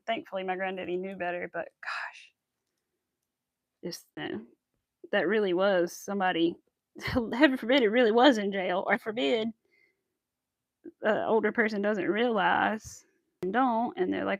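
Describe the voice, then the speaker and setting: A woman's voice: medium pitch, normal speed, long pauses, no room sound, highs cut off. A young woman chatting casually while she crafts, exclaiming often and saying y'all. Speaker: crafting vlogger.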